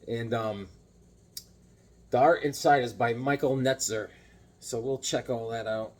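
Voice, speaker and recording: Middle aged guy chatting about comics, a bit husky, lots of uh and restarts. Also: medium pitch, measured pace. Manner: rambling, animated storytelling with fillers and restarts. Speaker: comic book vlogger. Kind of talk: casual chat.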